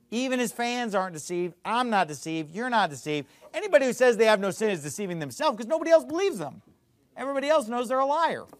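High, lively preaching man. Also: dry recording. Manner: emphatic, argumentative preaching. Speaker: pastor. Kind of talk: sermon.

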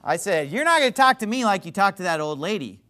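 High, animated man preaching a sermon. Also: quick pace. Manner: animated, shouting when quoting people. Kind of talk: sermon storytelling.

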